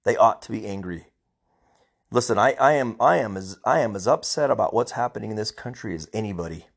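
A man's voice: on the low side, lively intonation, fairly quick, creaky. A middle-aged man, a police officer, ranting angrily on his own podcast, emphatic and repeating himself. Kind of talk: personal podcast rant.

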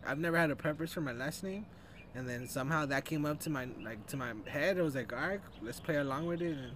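A man's voice: on the high side, quick pace, a little hiss or hum. A young man from Southern California, a podcast guest in casual chat, talking loosely with lots of "like". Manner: relaxed, filler "like" heavy.

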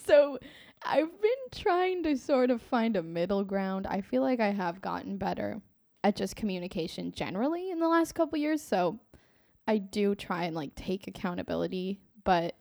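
A woman's voice: a little high, moderate pace, no room sound. A woman with a mid-range voice, recorded dry and close, chatting casually. She acts out her quoted lines with energy. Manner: animated, acts out quotes with laughter. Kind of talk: casual podcast chat.

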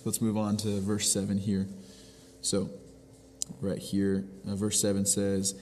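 Pastor, male, lower register, earnest explainer, reverberant room with a faint background hum. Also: monotone, a little slow, darkish tone. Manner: earnest, explains step by step with frequent restarts. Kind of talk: devotional teaching.

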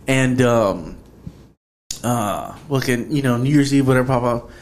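A podcast host with a medium-pitched voice chats casually at a measured pace. He tells stories loosely, swearing often and saying "bro" a lot.

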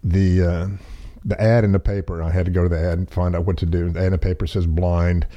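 Deep, mellow-voiced man telling stories. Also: flat delivery, fast, highs cut off. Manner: rambling, self-deprecating, folksy, with frequent restarts and chuckles. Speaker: podcast guest. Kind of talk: casual storytelling.

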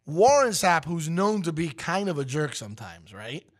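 Speaking at normal speed in a voice on the high side, a man in his forties co-hosts a radio show. His casual storytelling is lively, and he loudly acts out what the people in the tale said.

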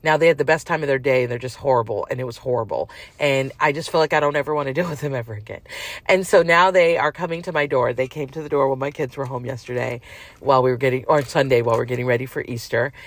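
A woman's voice: rumbling low, fast, dry recording. A middle-aged woman telling a long personal story in a casual, frank, rambling way with many fillers.

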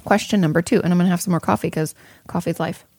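A woman's voice: on the low side, fairly even intonation, quick pace, darkish tone, no echo. A woman therapist giving casual, frank advice to viewers, thinking aloud with plenty of fillers and the odd swear word. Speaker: therapist answering viewer questions.

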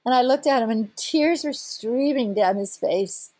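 A middle-aged woman tells a story with real excitement, breaking into laughter and playful quoted voices. Her voice sits a little high, and the sound is dry and close. She talks as a seasoned whale researcher. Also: unhurried, no echo. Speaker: whale researcher and boat operator. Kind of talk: animated storytelling in a conversation.

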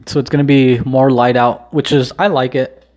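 Young guy rambling to his camera, lots of ums and restarts, low-key and self-deprecating, swears a bunch. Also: fairly even intonation, moderate pace, darkish tone. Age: young adult. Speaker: vlogger. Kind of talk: casual rambling vlog.

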